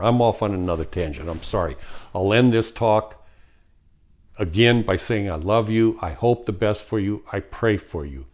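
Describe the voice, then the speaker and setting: A man giving an earnest spiritual talk, slow and heartfelt, acting out quoted voices along the way. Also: fairly low pitch, animated, a little mellow. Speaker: spiritual teacher.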